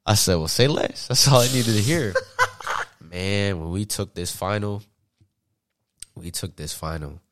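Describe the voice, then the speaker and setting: A young man from Atlanta, a podcast guest, telling stories in a casual, slangy, animated way and laughing often. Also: lowish voice, a little slow, pauses often, no echo. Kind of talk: casual storytelling.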